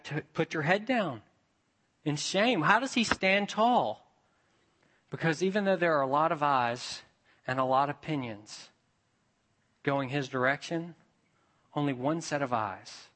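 A man's voice: medium pitch, a bit bright. A man preaching a sermon, telling a story and asking his listeners rhetorical questions. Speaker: pastor.

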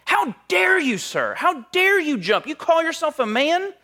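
A man's voice: very high voice, very animated, a little slow, pitched above the performer's own voice, heavily acted. A man acting out a furious middle-aged man who scolds a stranger. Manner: shouting, scolding.

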